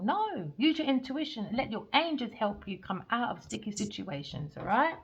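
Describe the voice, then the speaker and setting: A woman's voice: big pitch swings, normal speed, husky. A woman, a tarot reader telling personal stories in a casual, slangy, emphatic way. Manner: emphatic, slangy, swings between loud bursts and low murmurs. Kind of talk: casual storytelling monologue. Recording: slightly dull lo-fi audio.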